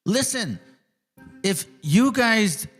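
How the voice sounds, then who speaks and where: A man's voice: high-pitched, drawn-out words, soft background music. A man hosting a podcast in casual chat, talking bluntly and with plenty of swearing. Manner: blunt, profane, animated. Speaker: podcast host.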